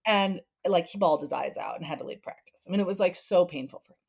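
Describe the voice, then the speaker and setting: Animated woman therapist acting out scenes. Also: fairly low pitch, fast, gravelly, breathy edge. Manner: animated, acts out family scenes with playful voice shifts. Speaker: therapist and podcast guest. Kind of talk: conversational parenting advice.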